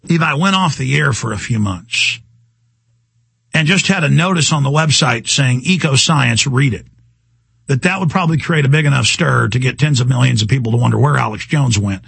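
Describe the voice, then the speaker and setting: A man hosting a talk radio show, ranting in an agitated way and tripping over repeated words. His voice is husky and sits fairly high for a man. The sound is close and dry. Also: fairly bright tone, dry recording. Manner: ranting, agitated, stumbling repetitions.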